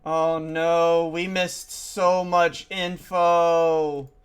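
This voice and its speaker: High-voiced, slow-talking male streamer. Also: flat delivery, clean tone. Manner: thinks aloud, chatty and self-deprecating. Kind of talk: casual let's-play commentary.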